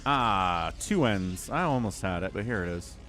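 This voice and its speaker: A man's voice: on the low side, expressive, normal speed, fairly bright tone, soft background music. A man giving casual, playful live commentary on a strategy game, reading out players' chat lines in mock voices. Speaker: game caster.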